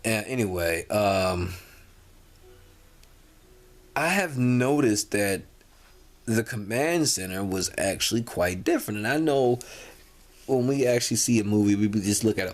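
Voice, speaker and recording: A man's voice: lowish voice, lively intonation, a little slow, pauses often. A tired man talking casually to his viewers, rambling with many restarts and fillers. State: tired, yawning. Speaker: vlogger. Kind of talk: casual talk to camera.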